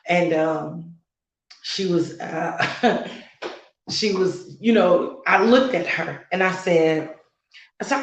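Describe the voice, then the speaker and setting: The recording is reverberant and poor, carrying a woman's lowish voice as she co-hosts a casual heart-to-heart as a mother. Earnest at first, she turns fervent and preachy, repeating words to stress them.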